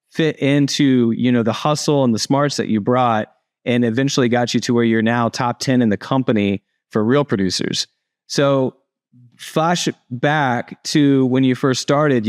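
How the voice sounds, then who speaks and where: A man's voice: medium pitch, darkish tone, no room sound, studio quality. Upbeat chatty male podcast host. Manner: upbeat, chatty, restarts mid-sentence. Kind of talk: interview podcast.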